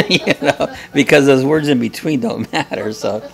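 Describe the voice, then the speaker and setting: Blunt, jokey man with a gravelly voice. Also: mid-range voice, normal speed, faint music behind. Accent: American. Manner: blunt, jokey, laughs often. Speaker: host of a live coffee chat. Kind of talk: casual chat reading viewer comments.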